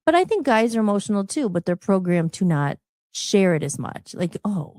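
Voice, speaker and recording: A chatty woman hosts a live podcast, rambling in an open, emotional way and often restarting her sentences. Her voice sits at a middle pitch, and the recording is close and dry. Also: big pitch swings, a little fast, darkish tone, no room sound. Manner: rambling, chatty, self-interrupting. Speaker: podcast host. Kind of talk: casual live-show chat.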